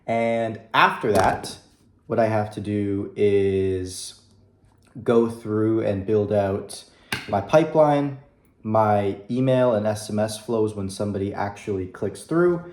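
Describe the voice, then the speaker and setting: A young man with a fairly low voice talks straight to his viewers, upbeat and a little rambling, with lots of fillers. His room is echoey, and he sits at his computer with keys clicking now and then. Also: darkish tone. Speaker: vlogger. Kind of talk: casual video diary.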